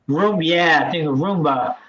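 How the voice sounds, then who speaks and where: A man's voice: a little high, a little slow, fairly bright tone, highs cut off. A man hosting a casual tech podcast chat, rambling and full of fillers and restarts. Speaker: podcast host.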